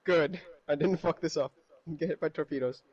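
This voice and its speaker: A man in casual chat while playing a game, joking and breaking into loud cursing outbursts. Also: a little high, normal speed, breathy edge, lo-fi sound. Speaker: gamer on stream.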